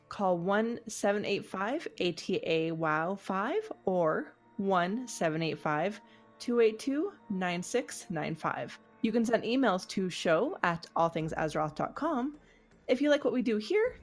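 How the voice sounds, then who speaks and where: A woman's voice: medium pitch, very animated, a little slow, faint music behind. Giggly woman co-hosting a podcast. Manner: laughs often, bubbly. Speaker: podcast co-host. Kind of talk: casual podcast chat.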